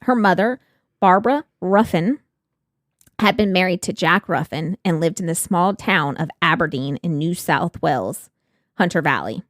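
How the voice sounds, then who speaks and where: Woman, true-crime podcast co-host, lower voice, animated, dry studio sound. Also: normal speed, dry recording. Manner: laughs often, swears freely, animated.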